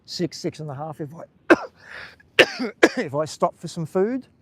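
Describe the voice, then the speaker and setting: A man's voice: a little high, lively intonation, a little slow, a bit bright, no echo. A chatty Australian man streams live as he strolls along a beach, his voice sitting a touch above the usual male range. He rambles loosely and answers viewers as he walks, the sound picked up on a handheld phone outdoors. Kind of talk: casual live-stream walking commentary.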